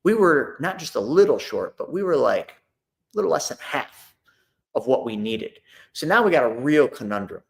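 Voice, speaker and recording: A man's voice: medium pitch, very animated, normal speed, gravelly. A middle-aged man hosting a casual talk to an online audience, chatty and repetitive, acting out his own phone calls. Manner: conversational, repeats himself, acts out phone calls. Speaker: host of a money and investing talk.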